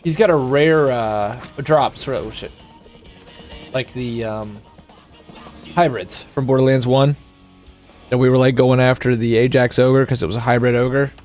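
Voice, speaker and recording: A man's voice: medium pitch, steady tone, measured pace, pauses often, darkish tone, soft background music. A man casually commenting while streaming a video game, rambling and joking. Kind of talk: casual let's-play commentary.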